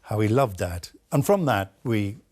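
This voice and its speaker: A Welsh-born man speaking as a studio guest in a broadcast interview, telling a story with many pauses and fillers. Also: on the low side, sing-song, a little mellow. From Wales.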